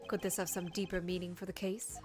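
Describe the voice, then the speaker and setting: Formal male prosecutor, voiced by a woman, measured, calm, game fan dub, faint music behind. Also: fairly low pitch, voice pushed down, close to an everyday voice. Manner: measured, formal, lightly scolding.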